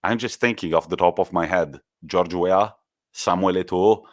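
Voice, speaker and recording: A man co-hosts a football podcast in a casual, enthusiastic way. His voice sits on the low side. The sound is dry and close, with no room around it. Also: moderate pace, no room sound. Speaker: podcast co-host.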